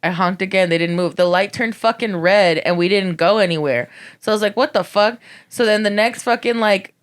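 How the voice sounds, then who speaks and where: A woman's voice: mid-range voice, fairly quick, smooth. A woman co-hosting a casual chat podcast, telling stories bluntly and swearing freely. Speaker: podcast co-host.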